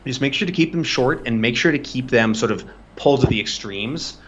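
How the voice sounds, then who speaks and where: A man's voice: medium pitch, expressive, a little fast, a bit bright, lo-fi sound. A man tutoring pronunciation in a casual live-streamed lesson, explaining loosely and checking in with frequent "right?". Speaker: language tutor.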